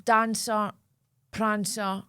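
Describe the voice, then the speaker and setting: A woman's voice: medium pitch, flat delivery, extremely slow, bright, forceful tone, smooth. A Scottish woman co-hosting a podcast, bantering in a playful, easygoing way. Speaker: podcast co-host. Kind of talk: casual chat.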